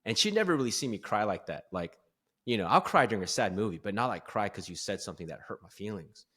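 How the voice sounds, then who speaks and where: Earnest man with a bright voice. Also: on the low side, lively intonation, fast talker, breathy edge. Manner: earnest, openly vulnerable, laughs at himself. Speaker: podcast guest, performance coach. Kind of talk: candid conversational storytelling.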